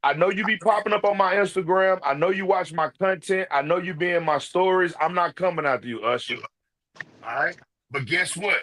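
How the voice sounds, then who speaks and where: A man's voice: high voice, brisk, a bit bright. A man giving casual ranting commentary, brash and profane, calling people out directly. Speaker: online commentator.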